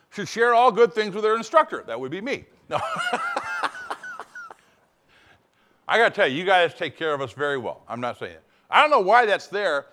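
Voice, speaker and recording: A male pastor delivering a sermon in a fairly high voice that rises and falls with lively swings. He mixes playful asides with slow, deliberate emphasis on the key phrases.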